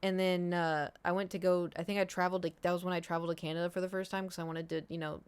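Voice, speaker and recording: A woman's voice: lowish voice, flat delivery, rapid-fire, clear, resonant tone. A young woman streamer rambling through a casual story, full of "like" and "you know". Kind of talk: casual chat.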